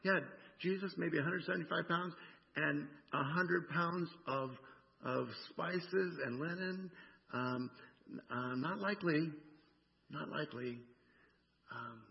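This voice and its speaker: A man's voice: fairly high pitch, creaky. A male pastor preaching a sermon in a conversational way, often asking "right?" and acting out the lines he quotes. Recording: dull sound with long hall reverb.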